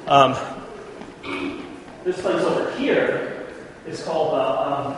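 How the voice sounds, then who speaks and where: A man's voice: fairly high pitch, takes it slowly. Chatty male lecturer in echoey hall. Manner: chatty, checks in often with "right?". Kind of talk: informal classroom lecture. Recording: echoey hall, faint room noise.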